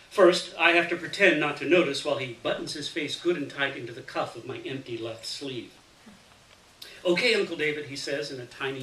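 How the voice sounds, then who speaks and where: A man reading a short story aloud on stage, expressive and acting out the scene. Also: mid-range voice, roomy sound, distant mic, a little hiss or hum, low-quality recording. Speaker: story reader. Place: stage reading before an audience.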